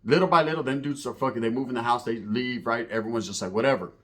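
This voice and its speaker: A middle-aged man recounts a story in a loose, streetwise way, swearing freely and checking in with "right?" after his points. His pitch sits at an ordinary middle level for a man. He slips into the voices of the people in the story as he goes. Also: fast. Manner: streetwise slang and profanity, frequent "right?"; acts out other people's lines in the story. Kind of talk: casual storytelling to camera.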